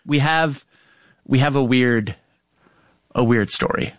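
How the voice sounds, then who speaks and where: A man's voice: medium pitch, slow, dry recording, clean studio sound. A man co-hosting a podcast, laid-back and teasing, who laughs often in casual chat. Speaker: podcast co-host.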